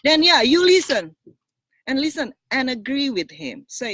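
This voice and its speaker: A woman's voice: high-pitched, a little slow, no echo. Frank, blunt woman coach, dry sound. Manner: frank and blunt, swears freely, laughs between points; animated, repeats words and restarts. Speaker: relationship coach. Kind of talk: casual advice monologue answering a viewer.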